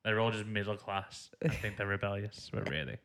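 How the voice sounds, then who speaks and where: A man co-hosting a casual podcast chat, chatty and teasing and quick to laugh. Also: fairly low pitch, a bit bright, slight background noise. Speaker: podcast co-host.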